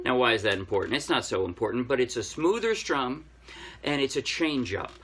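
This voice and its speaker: A man gives a casual ukulele lesson, explaining step by step as he plays, with loud music behind his voice. He speaks expressively at a medium pitch and a little fast.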